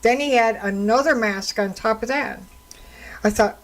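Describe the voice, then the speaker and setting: In poor-quality audio, a woman with a fairly high voice talks at a normal speed. She's a radio host and counselor on her own at a studio microphone, and her solo talk-radio commentary comes as indignant, casual storytelling.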